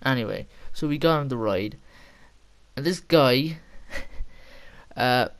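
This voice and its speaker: A man's voice: mid-range voice, lively intonation, slow, a bit bright. A young man telling a casual, rambling story with frequent laughter and casual swearing. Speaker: vlogger.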